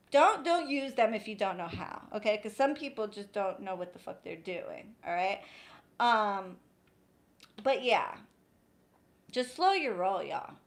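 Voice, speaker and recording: Woman on a livestream, kinda high voice, talks straight to viewers, cussing, fed up. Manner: blunt, profane, exasperated, addresses viewers directly. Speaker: spiritual practitioner giving advice on a live stream. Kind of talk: casual live-stream talk.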